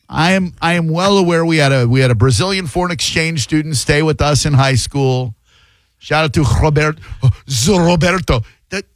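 A man's voice: a little high, a bit bright, no echo. A man hosting a call-in radio show, talking casually with brash, joking bursts. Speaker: radio talk show host.

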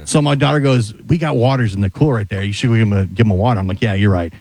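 A man with a mid-pitched voice tells a story at a quick pace on a radio show. He acts out the quoted lines. The sound is close and dry. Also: darkish tone, no room sound. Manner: anecdotal, retelling with quotes. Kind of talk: casual radio chat.

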